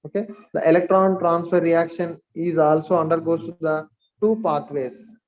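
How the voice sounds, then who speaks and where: A man's voice: a little high, fairly even intonation, normal speed. A man with an Indian English accent giving a live chemistry lecture, repeating key phrases and asking and answering his own questions. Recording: dull lo-fi stream audio.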